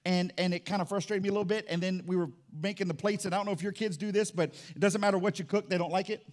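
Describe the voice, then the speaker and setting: A middle-aged pastor preaches a sermon, telling family stories conversationally and calling on the congregation for amens. His voice is high-pitched and very fast, with fairly even intonation.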